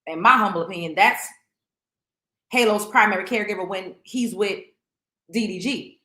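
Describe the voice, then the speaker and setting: A woman's voice: mid-range voice, normal speed, pauses often, bright, forceful tone. A middle-aged woman hosting a casual celebrity gossip commentary, emphatic and opinionated, repeating points for stress. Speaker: show host. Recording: roomy echo.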